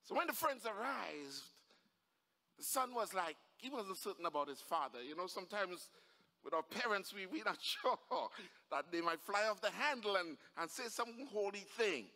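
A man preaching a fervent sermon as pastor, building to shouts, recorded in a church. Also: high voice, lively intonation, moderate pace. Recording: echoey church hall.

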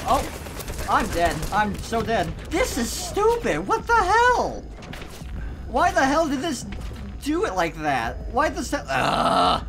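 A let's play gamer giving excitable commentary, swearing and yelling at the game. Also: medium pitch, slow, faint music behind. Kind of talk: gameplay commentary.

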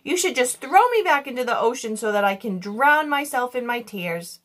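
A woman's voice: on the high side, animated, normal speed, fairly bright tone. A woman reading aloud, voicing a small, tearful male genie who laments in grand, flowery phrases. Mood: dramatic lament. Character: small weepy male blue genie, theatrical.

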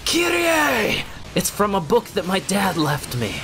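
A man voicing a young male hero who is always melodramatic and yells everything, in a parody of a game. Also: sits high, huge pitch swings, measured pace, pitched above the performer's own voice, full character voice. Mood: melodramatic yelling. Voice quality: shouting, over-the-top.

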